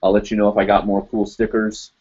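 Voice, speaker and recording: A man's voice: fairly low pitch, monotone, fast, a little mellow, slightly rough, highs cut off. A man hosting a live web show, chatting casually with viewers and reading their comments, rambling with many fillers and frequent laughs. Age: adult, teaches in Japan.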